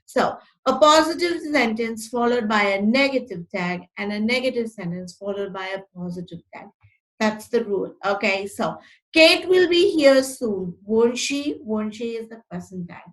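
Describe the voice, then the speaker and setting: A woman with a fairly high voice teaches an online English grammar lesson. She explains each point step by step and reads example sentences aloud, and she stops to correct her own slips as she goes. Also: lively intonation, moderate pace, rough recording.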